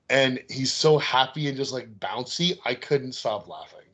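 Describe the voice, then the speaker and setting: Male podcast co-host, casual and animated, laughs easily. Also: medium pitch, normal speed. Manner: animated, laughs while retelling scenes. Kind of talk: casual chat.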